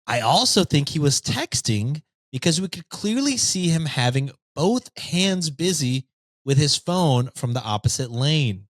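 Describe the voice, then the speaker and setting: Lively man reading a story aloud. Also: a little high, a little slow, no echo. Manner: lively, reads with jokey asides. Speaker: podcast host reading stories.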